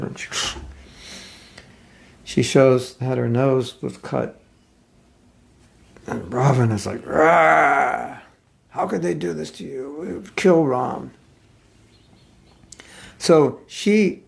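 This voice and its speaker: Spiritual teacher, very gravelly voice, chatty halting storyteller. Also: male voice, medium pitch, a little mellow. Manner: conversational, halting retelling with asides. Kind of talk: storytelling sermon.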